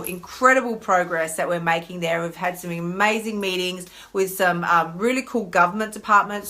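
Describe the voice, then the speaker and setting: A woman's voice: lowish voice, sharp tone. An Australian woman in her thirties, a chatty emotional eating coach hosting a casual live stream and greeting viewers by name.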